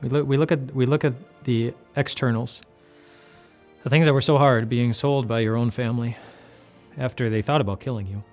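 A man's voice: mid-range voice, moderate pace, darkish tone. A man giving a casual devotional Bible talk as host. He speaks conversationally and often restarts and repeats words. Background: faint music.

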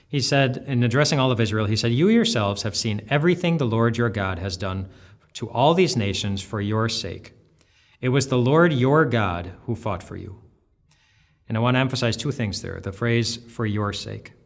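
A man, a pastor, giving an earnest, conversational devotional talk that often restarts its phrases. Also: mid-range voice. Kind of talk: devotional teaching.

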